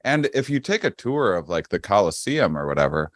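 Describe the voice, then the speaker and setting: A man guesting on a podcast in casual chat, speaking with a slow, calm, grounding cadence and frequent hesitant restarts. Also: on the low side, no room sound, clean studio sound. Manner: hesitant restarts, repeated words.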